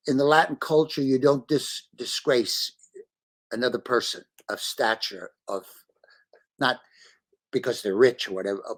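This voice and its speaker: A man, a podcast guest, telling stories in a casual interview, animated, acting out his own lines and swearing freely. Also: medium pitch.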